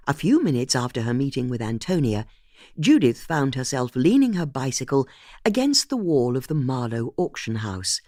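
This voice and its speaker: An audiobook narrator reading a mystery novel in an expressive, scripted way. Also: medium pitch, dry recording, clean studio sound.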